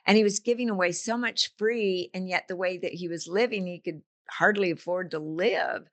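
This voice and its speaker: A woman's voice: on the low side, moderate pace. An older woman, a coach and author, talking casually in an interview and telling stories with vivid analogies. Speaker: guest, business coach and author.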